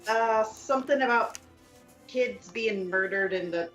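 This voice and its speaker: A woman's voice: mid-range voice, unhurried, a bit bright. A young woman player cracks playful jokes at the table in an easy, casual voice. Her voice is recorded in an echoey room, with faint music playing behind her. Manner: joking, playful wisecracks. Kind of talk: casual chat.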